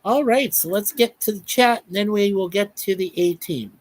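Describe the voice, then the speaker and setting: A man's voice: high-pitched, normal speed, no echo. A man hosting a casual live stream, reading out viewer comments in a chatty, upbeat way. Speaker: show host.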